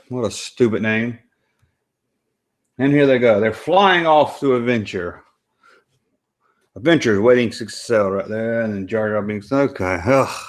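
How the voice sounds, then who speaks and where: Chatty Southern American man. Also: mid-range voice. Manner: rambling, chatty, reacting to a movie. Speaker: host. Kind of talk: casual live-stream commentary.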